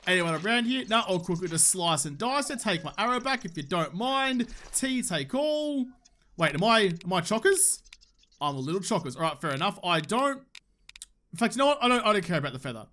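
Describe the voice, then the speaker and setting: Young Australian man, high bright voice, casual sweary let's-play banter. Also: sing-song, brisk. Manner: joking, swears freely, talks to the game. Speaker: gaming YouTuber.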